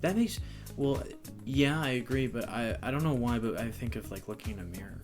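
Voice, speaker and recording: A man's voice: medium pitch, lively intonation, fairly quick, a little mellow. A man co-hosting a music reaction show, thinking aloud and reading out lyrics and notes in casual chat. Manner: rambling, thinks aloud, reads lyrics and annotations aloud.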